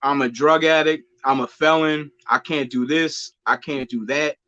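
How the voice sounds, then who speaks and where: A man's voice: a little high, fairly even intonation, normal speed, pushed and bright, muffled recording. A man hosting a podcast, asking questions in an upbeat way and laughing often. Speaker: podcast host. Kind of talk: casual podcast chat.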